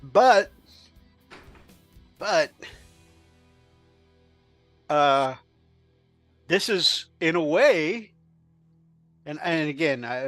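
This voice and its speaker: A man's voice: on the high side, a bit bright, dry recording. A man co-hosting a casual live hobby show, upbeat and encouraging, reading viewer comments aloud. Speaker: co-host. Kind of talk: casual podcast banter.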